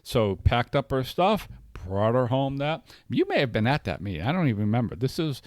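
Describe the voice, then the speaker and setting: A man's voice: mid-range voice, big pitch swings, a little fast, a little mellow, dry recording. A middle-aged man talking candidly in a casual podcast conversation, telling personal stories with many fillers and restarts. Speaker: podcast co-host.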